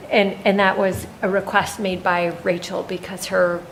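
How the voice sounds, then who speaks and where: A woman, a land stewardship coordinator, giving an unhurried, informal update at a town meeting with frequent pauses. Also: medium pitch, little pitch movement, fairly bright tone, slight background noise, rough recording. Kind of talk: staff report at a town meeting.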